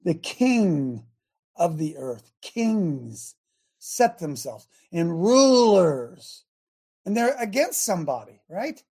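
A middle-aged male radio host preaching on scripture. He talks to his audience and producer in a casual, chatty way, then grows emphatic and loud as he drives each point home. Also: high-pitched, very animated, slow, slightly rough. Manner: emphatic, rising to near shouts when quoting scripture; chatty, speaks directly to listeners and producer. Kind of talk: sermon-style Bible teaching.

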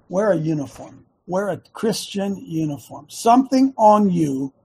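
A middle-aged man hosting a Christian talk show, rambling and preachy, with many restarts and a slightly hoarse throat. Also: a little high, warm tone.

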